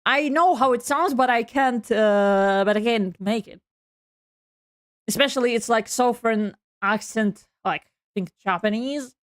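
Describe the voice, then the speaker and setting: Slow-talking, high-voiced excitable woman streamer. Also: no echo, studio quality. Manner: excitable, swears and laughs often; halting, restarting English. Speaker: VTuber streamer. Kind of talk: casual gameplay commentary. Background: faint game music.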